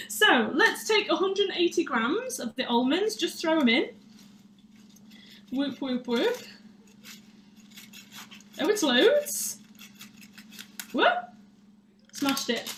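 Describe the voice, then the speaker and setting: A woman's voice: sits high, fairly bright tone. Bubbly woman baking live. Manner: chatty, bubbly, self-deprecating. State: out of breath. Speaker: baking show host. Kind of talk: live-streamed baking demonstration. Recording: echoey room with faint noise.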